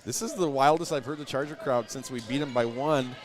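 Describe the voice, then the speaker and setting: A man doing live play-by-play for a high school basketball game from the gym stands, rattling off plays and shouting on big moments. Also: a little fast. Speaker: play-by-play announcer.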